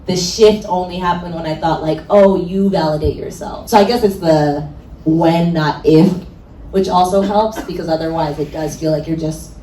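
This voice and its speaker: A woman's voice: low voice, moderate pace, dark tone, a little hiss or hum. A woman moderating a book signing event, talking in a thoughtful, conversational way. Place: bookstore event. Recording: echoey room, mic far off, faint chatter.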